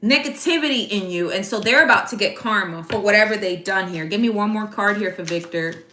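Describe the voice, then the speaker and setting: A woman's voice: mid-range voice, fairly quick, bright, forceful tone, a little hiss or hum. A woman giving a casual live tarot reading, chatty and slangy, speaking straight to her viewers by name. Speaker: tarot card reader. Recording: echoey room.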